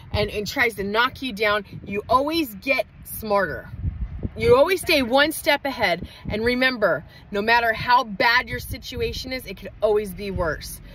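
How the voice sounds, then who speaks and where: A woman with a high, bright voice rants on a phone livestream from inside her parked truck. She is heated and profane, with her words spilling out in quick bursts. A faint hum of noise sits behind her. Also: poor audio. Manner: heated, profane, rapid outbursts. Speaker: mother livestreaming an update. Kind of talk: emotional livestream rant.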